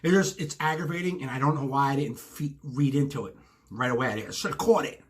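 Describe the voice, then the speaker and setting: Speaking briskly in a mid-range voice, a man who co-hosts a podcast rants on his own in a self-recorded video. His exasperated story is studded with asides.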